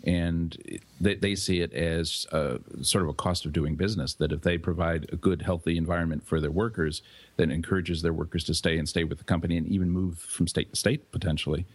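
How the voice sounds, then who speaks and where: A man on a podcast panel, calmly explaining things at length in casual chat. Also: low-pitched, fairly quick, slightly rough.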